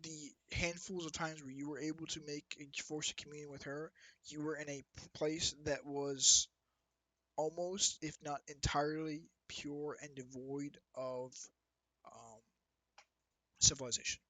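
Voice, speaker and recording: A man runs a tabletop game, his voice pitched a little high and very bright. He narrates loosely, circling back and restarting mid-thought. The sound is dry and close. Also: little pitch movement, a little slow, no room sound, low-quality recording. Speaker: dungeon master.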